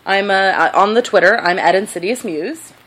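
A woman's voice: mid-range voice, moderate pace, a bit bright. A woman hosting a podcast in casual chat, giggly and rambling, often drifting off topic. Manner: giggly, rambling, easily sidetracked. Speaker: podcast host.

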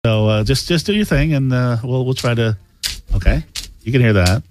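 A man hosts a loose, jokey segment and keeps up a steady stream of banter. His voice sits mid-range. Music runs clearly under his talk. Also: medium pitch, normal speed. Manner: playful, bantering. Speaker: host.

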